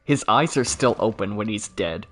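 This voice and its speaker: A man's voice: on the low side, expressive, normal speed, a bit bright, slight background noise. A man streaming a video game, joking sarcastically and chatting with viewers. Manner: joking, sarcastic, talks to chat. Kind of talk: casual game commentary.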